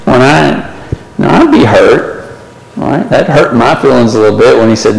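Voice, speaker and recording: A man's voice: mid-range voice, animated, moderate pace, gravelly, a crowd in the background. A man teaching a Bible study lesson, conversational and questioning, often checking in with the class. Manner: conversational, asks the class questions, frequent "right?". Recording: echoey hall from far off.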